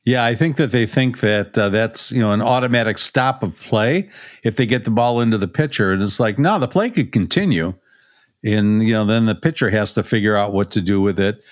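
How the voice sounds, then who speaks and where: A man's voice: on the low side, brisk. Rambling man telling coaching stories. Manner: rambling, anecdotal, many "you know" fillers. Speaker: podcast co-host, pitching coach. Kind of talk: casual podcast chat, storytelling.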